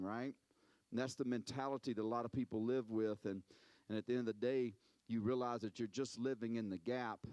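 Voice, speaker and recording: A man preaching a sermon as a pastor, telling stories in an animated way, repeating words and acting out quotes. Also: lowish voice, no room sound.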